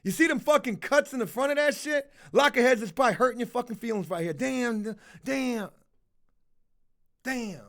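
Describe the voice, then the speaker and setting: Brash, high-voiced man ranting profanely. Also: normal speed. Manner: profane, brash, rambling, mocking. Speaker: streamer talking to chat. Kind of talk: casual livestream rant.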